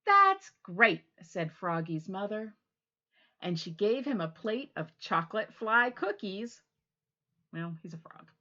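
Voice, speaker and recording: A woman reads a picture book for young children at home, playful and lively with a bright tone and a slow, careful pace. The recording is slightly dull and lo-fi. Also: mid-range voice. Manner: warm, animated and playful with kids. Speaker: library storytime reader. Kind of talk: children's storytime reading. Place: her home.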